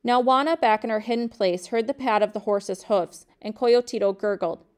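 A woman teacher reading a novel aloud to her class in a steady, measured narration. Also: on the high side.

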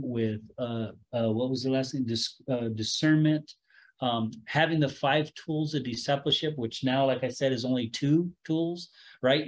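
A man's voice: medium pitch, poor audio. Man telling a story as a rabbi. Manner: conversational, self-correcting, with chuckles. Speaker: Messianic rabbi teaching a Bible study. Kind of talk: storytelling sermon.

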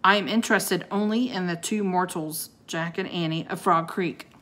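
A woman voicing a gruff, commanding old male ice wizard who bellows and growls. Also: on the low side, moderate pace, a bit bright.

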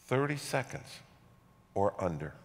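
A middle-aged man preaches to his congregation, spinning a story with playful self-mockery. His voice swoops lively up and down, and it rings out with the long reverb of a large church hall. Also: medium pitch, a little slow, gravelly. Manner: animated storytelling with self-mocking humor. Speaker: pastor. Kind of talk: sermon.

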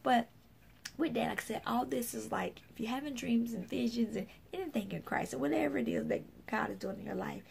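A woman minister tells a personal story as casual spoken testimony, rambling with lots of fillers and restarts and often acting out what other people said. Her voice is on the high side, brisk, creaky and a little mellow. There's a slight hiss or hum in the recording.

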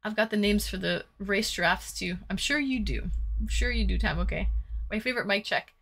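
Bright chatty woman streamer. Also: medium pitch, fairly quick. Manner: chatty, reads viewer comments aloud, crude jokes, giggly. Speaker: livestreamer reading chat. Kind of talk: casual livestream chat while painting.

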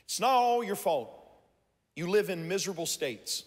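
A man preaching a sermon to a congregation, lively and shouting out his key points. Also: high voice, moderate pace. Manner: animated, shouting for emphasis, talks to the congregation. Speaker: pastor. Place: large church hall. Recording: live church sermon with long hall reverb.

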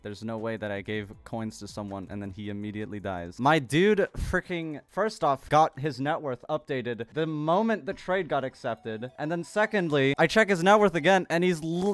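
A young man hosting a gaming video, commentating casually and bursting into loud, excited outbursts between mumbled asides. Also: fairly high pitch, moderate pace, hardly any pauses, no echo, soft background music. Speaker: gaming channel host.

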